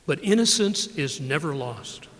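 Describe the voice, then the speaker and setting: Older guy reading his poems live, slightly high voice, slow and soft, long echo off the library room. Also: big pitch swings. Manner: measured, unhurried reading with soft drops in level. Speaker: poet reading his work. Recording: reverberant live room recording.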